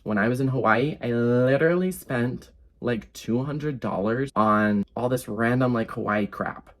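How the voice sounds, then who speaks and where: A young man vlogging a casual storytime, animated and sarcastic, with lots of fillers. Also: mid-range voice, measured pace.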